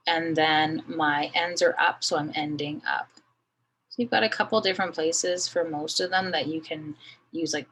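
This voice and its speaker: Woman, low voice, math teacher thinking aloud, faint room hum. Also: fairly bright tone, low-quality recording. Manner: thinks aloud while drawing, many fillers. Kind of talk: recorded screen lesson.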